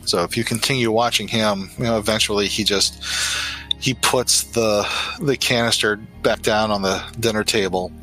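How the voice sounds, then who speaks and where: A man's voice: on the low side, fairly even intonation, normal speed, bright, forceful tone, soft background music, low-quality recording. A man narrating as game master of a tabletop role-playing game, in loose, filler-heavy speech.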